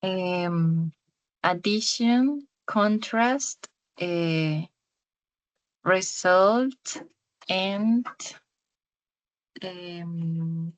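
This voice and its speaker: A woman student with a Spanish accent reading English examples aloud, hesitant and halting. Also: on the low side, poor audio. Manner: hesitant, reads haltingly with fillers.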